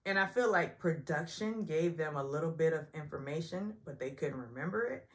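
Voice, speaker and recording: A woman casually recapping a reality show, chatty and opinionated, often mimicking people in higher voices. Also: expressive, moderate pace. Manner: chatty and opinionated, acts out quotes in high voices. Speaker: recap vlogger.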